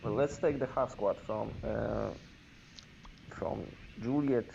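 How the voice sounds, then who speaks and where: Brief: man, gravelly voice, hesitant player talking through his moves; dull, hissy audio. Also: lowish voice, takes it slowly. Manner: hesitant, thinking aloud with many fillers. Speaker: wargame player and co-host. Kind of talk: casual chat during a game. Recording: dull stream audio with clear hiss.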